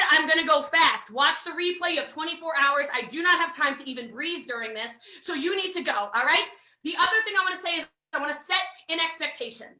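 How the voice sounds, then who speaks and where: A high-voiced American woman with a sharp, forceful tone runs a live online sales training. She talks in an energetic, emphatic way and hammers her points home by repeating them. Her voice rings a little in a roomy space. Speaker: network marketing trainer.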